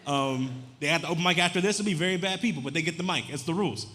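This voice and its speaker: Male stand-up comic, rambling deadpan delivery, live club room with long reverb. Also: a little high, racing, a little hiss or hum. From Louisiana. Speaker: stand-up comedian. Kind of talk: stand-up comedy set. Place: comedy club stage. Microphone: handheld stage mic.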